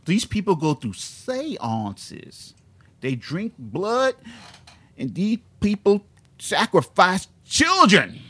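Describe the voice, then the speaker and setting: A man's voice: wildly swooping pitch, sharp tone, slightly rough, exaggerated voice. A man doing a fiery Southern preacher. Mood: preaching. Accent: American Southern. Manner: slow, booming, preachy delivery. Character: fiery male Southern preacher ranting about devils.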